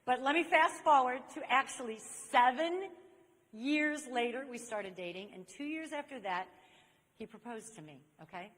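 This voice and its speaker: Animated woman storyteller in an echoey hall. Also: sits high, moderate pace. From Saint Louis, USA. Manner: animated storyteller who speaks straight to the audience. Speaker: speaker on chastity. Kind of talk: inspirational talk to a live audience. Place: large convention hall.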